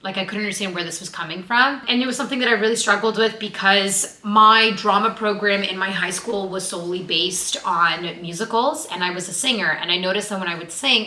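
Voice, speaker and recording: A woman's voice: mid-range voice, fairly quick, hardly any pauses, pushed and bright. A young woman vlogging to camera in casual chat. She sounds nervous and open and says "like" a lot. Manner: nervous, open, heavy use of "like". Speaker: vlogger and actress. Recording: roomy echo.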